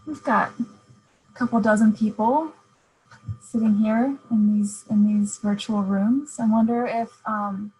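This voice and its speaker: A woman hosting a virtual book event over a video call, speaking softly with many fillers. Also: mid-range voice, steady tone, husky, poor audio. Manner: slow, soft, many fillers. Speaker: host.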